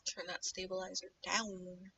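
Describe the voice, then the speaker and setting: A young woman livestreaming while she animates, chatting casually in a rambling way and drifting into low muttering to herself as she draws. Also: level tone, unhurried, creaky, pushed and bright, far from the mic, a little hiss or hum. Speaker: streamer animating live. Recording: dull lo-fi mic set back from the speaker.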